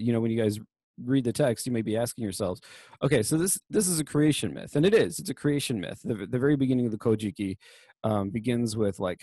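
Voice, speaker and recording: A man's voice: medium pitch, darkish tone, no echo. A young man giving a casual university lecture on literature, chatty and full of fillers and self-corrections.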